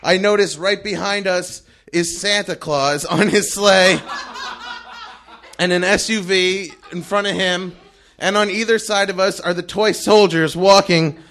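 Animated, high-voiced male storyteller. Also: a little slow, a little hiss or hum. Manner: animated, breathless, laughing through his story. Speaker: storyteller on stage. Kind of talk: live storytelling.

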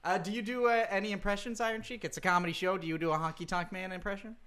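A man's voice: sits high, steady tone, very fast, a bit bright. A man hosting a mock interview on a comedy show, hesitant and apologetic with many fillers.

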